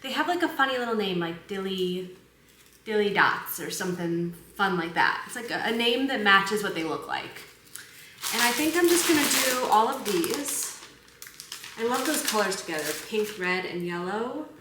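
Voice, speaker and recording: A woman's voice: medium pitch, lively intonation, normal speed, reverberant, noisy background. A young woman vlogging casually about decorating her apartment, chatty and enthusiastic as she thinks aloud. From United States. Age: young adult. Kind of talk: casual vlog narration.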